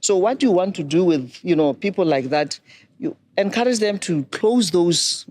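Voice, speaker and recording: A middle-aged woman, a banking expert giving measured, instructive advice. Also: on the low side, lively intonation, a little mellow, a little hiss or hum. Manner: measured, instructive, poses questions to listeners. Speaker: banking and microfinance expert guest. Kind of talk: explanatory advice talk.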